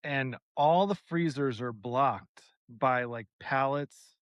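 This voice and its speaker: A man co-hosting a podcast, telling a long story in a casual, animated way, acting out the people in it and swearing freely. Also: mid-range voice, takes it slowly, no room sound, highs cut off. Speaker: podcast co-host.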